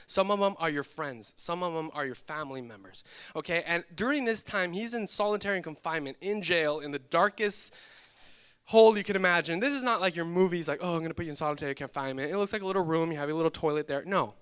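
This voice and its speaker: A young man preaching to a church crowd in a high, clear, ringing voice. He is lively and jokes with his listeners, teasing them as he goes. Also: fast talker. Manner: lively and joking, teasing the audience. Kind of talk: sermon. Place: church hall with live audience.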